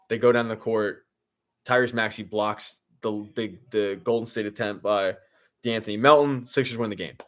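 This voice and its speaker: A young man giving casual, sarcastic, deadpan commentary during a live sports watch-along, rambling with lots of "like". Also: medium pitch.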